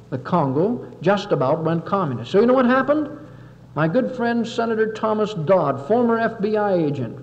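Brief: male speaker with a somewhat high voice, orating with emphasis in an old, dull-sounding 1961 recording with long hall echo. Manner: emphatic, oratorical, acts out quotes. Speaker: political lecturer. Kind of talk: impassioned public speech.

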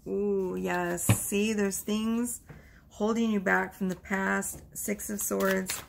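A woman's voice: mid-range voice, little pitch movement, slow, creaky, background noise. A woman giving a casual tarot card reading, chatty and reassuring, with frequent exclamations. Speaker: tarot reader.

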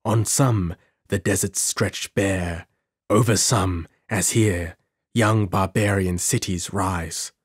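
A man's voice: low voice, fairly even intonation, slow, husky, dry recording, clean studio sound, heavily acted. A man voicing an ancient Atlantean sorcerer. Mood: exultant. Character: ancient male Atlantean sorcerer, proud and grandiose. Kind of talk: audiobook character reading.

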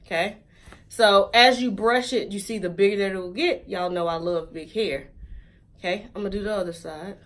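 A woman's voice: medium pitch, moderate pace, a bit bright. A woman chatting casually and joking straight to viewers while reviewing a wig for her vlog.

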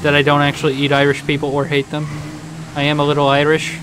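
A man live streaming a video game, chatting casually, rambling and joking with sudden loud outbursts. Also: a little high, monotone, quick pace, noisy background.

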